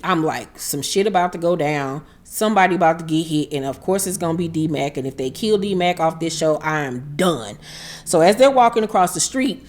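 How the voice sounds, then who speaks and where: A woman hosting a casual TV recap, retelling scenes with lively, profane acted-out lines. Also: on the low side. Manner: animated retelling, acting out the characters' lines with profanity. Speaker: TV recap channel host. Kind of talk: casual episode recap chat.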